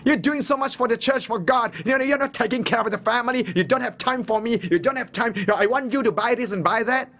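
A man voicing a nagging wife who scolds her husband in a shrill, high voice. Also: fast, hardly any pauses, a bit bright. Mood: complaining.

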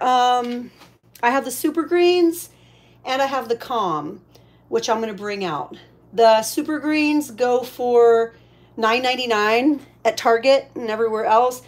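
High-pitched lady doing a slow chatty live sale, thanking buyers and babying her pets. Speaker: live shopping seller. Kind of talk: casual live-stream selling.

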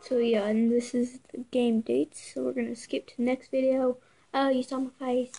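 A woman giving casual reaction commentary, excitable, stumbling over names and laughing at herself. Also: high-pitched, normal speed, creaky, soft background music, low-quality recording. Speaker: video creator.

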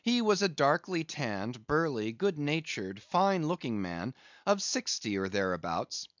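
A male audiobook narrator reads at a slow, measured pace and keeps his pitch moving. The recording sounds dull and lo-fi. There is no room echo at all. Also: very animated, fairly bright tone. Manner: measured, unhurried reading. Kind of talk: scripted narration.

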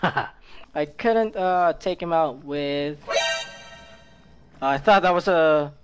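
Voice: mid-range voice, extremely slow, over music. A gaming video creator giving reaction commentary over gameplay, taunting and swearing at enemies, talking to the characters, laughing and yelping often. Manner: laughs often, sudden yelps and shouts; talks to the game characters.

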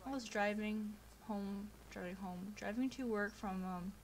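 Slow-talking young woman gaming. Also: mid-range voice. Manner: chatty and easily distracted, with frequent fillers. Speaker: gameplay commentator. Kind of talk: casual gaming commentary. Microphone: home computer microphone.

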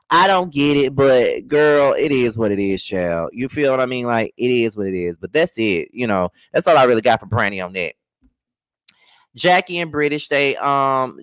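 A man's voice: mid-range voice, a bit bright, no room sound. A man recapping a reality TV episode in a blunt, sassy, slang-heavy manner. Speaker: reality TV reviewer. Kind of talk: casual recap commentary.

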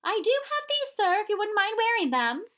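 A woman's voice: extremely high pitch, big pitch swings, normal speed, a bit bright, pitched above the performer's own voice, full character voice. A woman voicing a shy, anxious housekeeper who speaks timidly and deferentially in a storybook reading.

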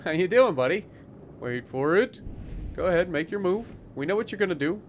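A man with a high voice narrates his gameplay in a loose, chatty way. His pitch swings widely as he teases enemy players and picks apart their mistakes with dry sarcasm. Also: lively intonation, brisk, noisy background. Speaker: gaming YouTuber. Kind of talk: casual gameplay commentary.

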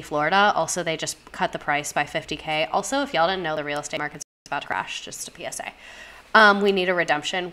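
A young woman hosts a casual livestream, talking straight to her viewers. Her voice sits a little low, and she reacts in bursts of gasps and profanity. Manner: animated, gasping, profane, talks to chat directly. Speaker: livestream host.

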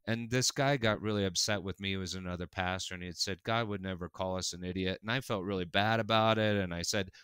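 A pastor telling stories with animated, earnest energy and frequent laughter. His lowish voice is bright and crisp. The sound is close and dry, with no room around it. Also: fast, hardly any pauses, no echo. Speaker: pastor and guest. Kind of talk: casual conversational storytelling.

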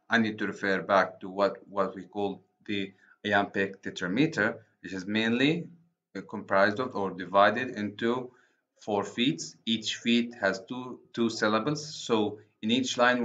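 A man with an Arabic accent giving a recorded university lecture on poetry, speaking haltingly and correcting himself often. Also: on the low side, fairly bright tone. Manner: slow, halting, many restarts and self-corrections. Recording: dull lo-fi recording.

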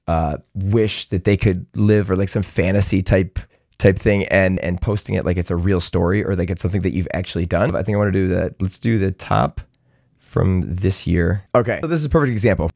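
A man hosting a comedy channel, reading Reddit posts aloud with sardonic, profane, deadpan asides. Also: low voice, vocal fry, no echo, clean studio sound. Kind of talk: sarcastic comedic commentary.

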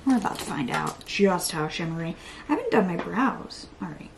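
Lively self-mocking young woman vlogger. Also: a little high, normal speed, vocal fry, noisy background. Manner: chatty, self-deprecating, talks to herself, drops to whispers. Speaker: beauty vlogger. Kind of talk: casual makeup tutorial chat.

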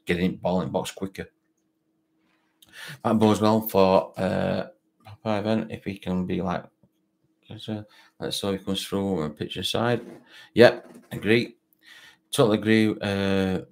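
A man's voice: deep voice, fairly even intonation, measured pace. A man with a broad Barnsley Yorkshire accent, hosting a football fan live stream in rambling casual chat, reading out viewer comments with lots of fillers. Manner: rambling, repeats words, many fillers.

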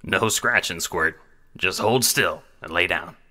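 A tender, unhurried clown troll father, soothing and fond, as a man puts him on. His voice sits low but rings bright and forward. Heard in a homemade audio drama. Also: heavily acted. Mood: gently teasing. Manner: soft, easygoing and reassuring.

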